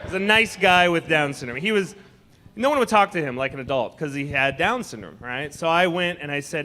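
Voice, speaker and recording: Guy doing stand-up at a comedy club, high bright voice, bouncy and mocking. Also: brisk, a little hiss or hum. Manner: animated, conversational, mocking.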